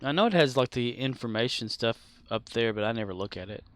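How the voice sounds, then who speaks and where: A man's voice: mid-range voice, lively intonation, fairly quick. Sleepy, laid-back male game streamer. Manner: laid-back, drawling, answers chat. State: sleepy, keeps yawning. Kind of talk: casual chat while playing.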